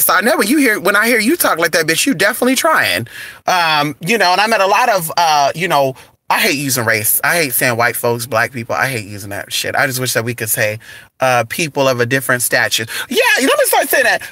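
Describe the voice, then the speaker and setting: Man host, campy and sassy livestream chatter, higher pitch, very bright, dry sound. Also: no room sound. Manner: sassy, campy, drawn-out and expressive. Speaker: channel host reading live chat. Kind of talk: casual livestream chat.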